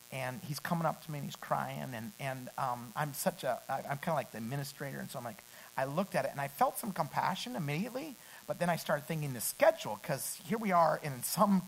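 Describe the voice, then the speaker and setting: A middle-aged man preaching a sermon. He climbs to loud, emphatic peaks and then drops back to a quiet storytelling tone. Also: mid-range voice, creaky, slight background noise, rough recording.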